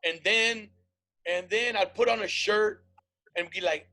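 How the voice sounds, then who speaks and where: A man's voice: high-pitched, measured pace, sharp tone. A man hosting a comedy podcast, swearing freely and telling stories with acted-out voices in casual chat. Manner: profane storytelling, acts out quoted voices. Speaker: podcast host.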